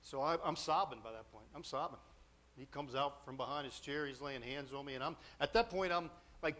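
A man's voice: fairly high pitch, brisk, a bit bright. A man preaching a storytelling sermon, confessional and emotional, with self-deprecating humor.

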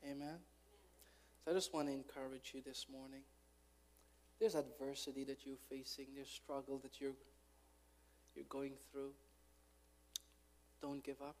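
A man preaching a fervent sermon as a pastor, building from calm urging to loud, impassioned exhortation. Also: medium pitch, a little slow, long pauses. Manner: fervent preaching, rising to shouts.

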